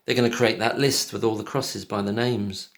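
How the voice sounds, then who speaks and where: A man's voice: lowish voice, fairly even intonation, moderate pace, a bit bright. A man giving casual, scornful commentary on a podcast clip, cutting in with pointed questions. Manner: scornful, talks over clips with pointed questions.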